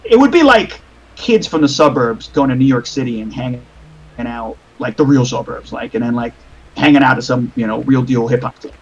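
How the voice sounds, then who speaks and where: A man's voice: mid-range voice, animated, a little fast, muffled recording, slight background noise. A man narrating as game master of a tabletop game over a voice call, rambling with many fillers and restarts.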